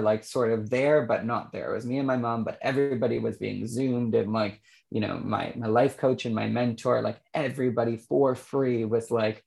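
Gravelly, halting male interview guest. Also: mid-range voice, a little mellow. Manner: reflective and halting, with frequent restarts. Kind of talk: candid personal interview.

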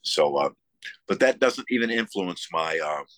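Guesting in a casual interview, a musician from the Buffalo area tells animated, enthusiastic stories, repeatedly stalling on fillers and restarting. His very low voice still sounds bright and forceful, and the sound is dry and close with no room echo.

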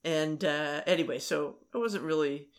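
A woman's voice: low voice, moderate pace. A middle-aged woman in casual conversation, rambling with many fillers and restarts.

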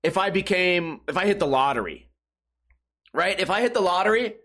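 Guy ranting solo, swears a lot, does mocking little voices of people, voice sits kinda high. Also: lively intonation, moderate pace, pushed and bright. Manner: profane, rambling, mimics people in mocking voices. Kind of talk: casual monologue.

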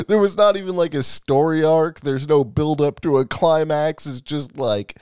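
A man's voice: on the high side, unhurried, darkish tone, smooth, no echo, studio quality. A man co-hosting a podcast in casual chat, rambling loosely, swearing and laughing often. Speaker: podcast co-host.

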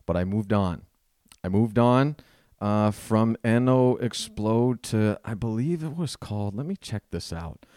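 A man with a low, smooth voice chats through a comic story about himself. He rambles and mocks his younger self with easy energy. The sound is close and dry. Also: no room sound. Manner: self-deprecating, rambling, animated. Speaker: podcast host. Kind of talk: casual comedic storytelling monologue.

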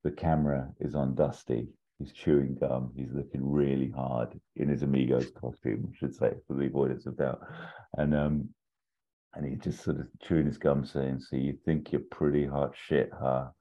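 A man casually pitching a comedic film sequel scene by scene, often popping into silly high character voices. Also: level tone, normal speed. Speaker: podcast co-host pitching an imagined sequel. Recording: dull lo-fi sound.

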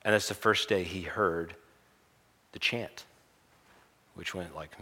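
Forceful, low-voiced male preacher telling a story. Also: a little slow, long pauses, slightly rough. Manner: animated retelling with chanted crowd lines. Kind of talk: sermon storytelling.

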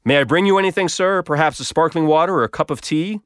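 A man's voice: on the high side, quick pace, fairly bright tone, clean tone, no room sound, pitched above the performer's own voice, lightly acted. A distinguished male hotel butler intones every offer with formal, deferential politeness, as a male narrator acts him out. The voice is close and dry, with little room sound around it.

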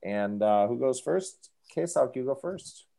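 A man's voice: medium pitch, animated, slow, gravelly, dark tone. A man hosting a casual podcast and running a playful quiz game, teasing his guests. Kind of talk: casual chat.

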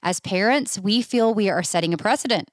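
Woman co-host, mid-pitched, giggly, dry close sound. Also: a little fast, no echo. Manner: giggly and encouraging. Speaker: podcast co-host reading listener questions. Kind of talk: casual chat.

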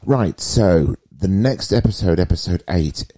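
A man chatting on a podcast, measured and a little wry. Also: sits low, lively intonation, dark tone, slight background noise. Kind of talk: casual chat.

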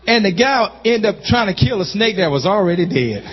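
A man preaching a sermon as pastor, calling out to the congregation and rising into shouts. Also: sits high, expressive, fast talker, few pauses, slightly rough. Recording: muffled sound with long hall reverb.

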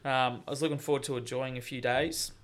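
A man's voice: medium pitch, steady tone, fairly quick, fairly bright tone. A man in his thirties, a podcast co-host, chatting casually and laughing often as he tells a story.

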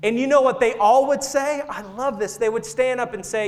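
A man's voice: extremely high pitch, normal speed, few pauses. A man in his thirties, a pastor preaching a sermon in church, telling a story and joking with the congregation. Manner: playful, jokes and laughs with the congregation. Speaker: senior associate pastor. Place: church sanctuary.

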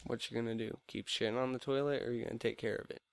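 A man's voice: mid-range voice, fairly even intonation, rapid-fire, vocal fry, no echo. A young man co-hosting a casual movie review podcast, blunt and joking with constant swearing. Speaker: podcast co-host.

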